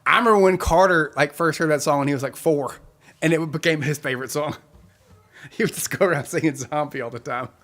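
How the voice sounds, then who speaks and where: A man's voice: fairly high pitch, brisk, fairly bright tone. A man hosting a weekly live concert stream, chatting casually and rambling with his viewers and laughing often.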